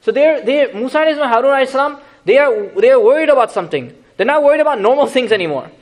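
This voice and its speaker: An Islamic teacher leads a Quran lesson in a lively, conversational way, his voice very high-pitched and rapid-fire. He asks the audience questions and throws in joking asides.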